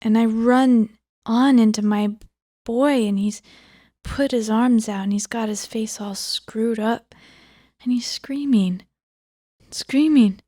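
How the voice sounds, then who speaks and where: Lady reading a book out loud real slow, soft dark voice, keeps slipping into whispers. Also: a little high, no room sound, clean studio sound. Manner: drops often into a hushed whisper while reading. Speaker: audiobook reader. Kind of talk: cold reading of a book aloud.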